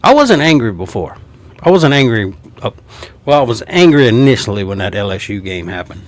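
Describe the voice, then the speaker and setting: A man in his fifties with a drawl delivers a heated, mocking sports rant. His pitch leaps and dips with every jab. The sound is dry and close, with no room around it. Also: sing-song, a little fast, dry recording. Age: 50s. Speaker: sports commentator. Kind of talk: ranting sports commentary.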